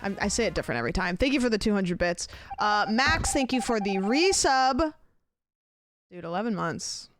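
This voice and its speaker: A woman's voice: mid-range voice, lively intonation, moderate pace, no echo, faint music behind. A young adult woman livestreaming from her desk, rambling chattily and thanking donors between stories. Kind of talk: casual stream chat.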